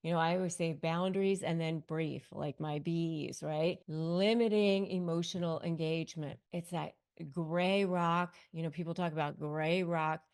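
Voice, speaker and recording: A woman's voice: low-pitched, fairly even intonation, unhurried, few pauses, a little mellow, clean tone. Middle-aged woman lawyer coaching to camera, punchy and repetitive, drives her points home. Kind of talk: direct-to-camera advice talk.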